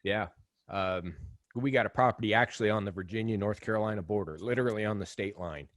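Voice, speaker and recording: A man's voice: fairly low pitch, quick pace, no echo. A man hosting a podcast, chatting casually and eagerly with his guest. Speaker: podcast host. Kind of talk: casual chat.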